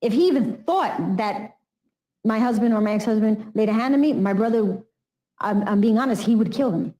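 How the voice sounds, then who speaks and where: Earnest woman with a mellow voice. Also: mid-range voice, expressive, moderate pace, poor audio. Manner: earnest, quotes people in raised voice. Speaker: documentary interviewee. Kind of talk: emotional recounting.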